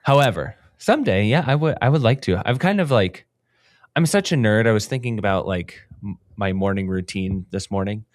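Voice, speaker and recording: A man's voice: lowish voice, lively intonation, brisk, no echo, clean studio sound. A man co-hosting a running podcast, chatting casually and rambling with lots of fillers. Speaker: podcast co-host. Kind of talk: casual chat.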